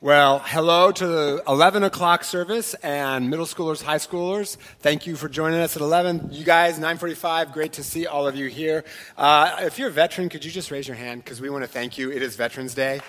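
A man's voice: on the high side, steady tone, brisk, fairly bright tone. A middle-aged male pastor, giving a conversational sermon and joking with the congregation. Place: church sanctuary. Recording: long hall reverb in a church.

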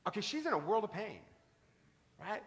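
High-voiced preacher in a reverberant sanctuary. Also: male voice, sing-song, moderate pace. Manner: storytelling preacher, varied emphasis. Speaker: pastor. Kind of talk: sermon. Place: church sanctuary.

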